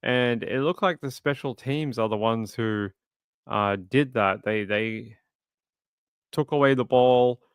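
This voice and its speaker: On a true crime livestream, a man hosts casually, reading viewer comments aloud with sympathy. His medium-pitched voice is slow, clear and resonant, captured in dry, studio-quality sound.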